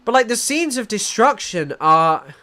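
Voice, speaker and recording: A man's voice: high voice, big pitch swings, unhurried, pushed and bright. A man hosting a casual livestream, talking loosely about the news and reading out chat comments, often restarting his sentences. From England. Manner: rambling, restarts sentences, reads chat aloud. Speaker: livestream host.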